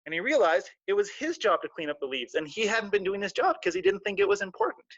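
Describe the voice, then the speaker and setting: A man telling a children's story on a live stream, animated and full of sound effects. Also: high-pitched, fast talker, no room sound. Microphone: live stream mic. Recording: dull, dry lo-fi stream audio.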